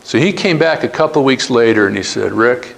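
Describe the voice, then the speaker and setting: Middle-aged guy telling his story to a class, earnest, acts out the quotes, average pitch. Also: expressive, fast talker, vocal fry, low-quality recording. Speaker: guest speaker. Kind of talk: storytelling talk to students.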